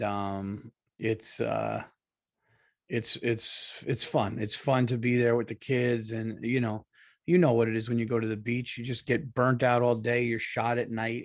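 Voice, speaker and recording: A man's voice: medium pitch, little pitch movement, moderate pace, gravelly, no echo, studio quality. Man ranting on his solo podcast. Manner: swearing, exasperated ranting with restarts. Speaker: comedian and podcast host. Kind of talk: casual solo podcast rant.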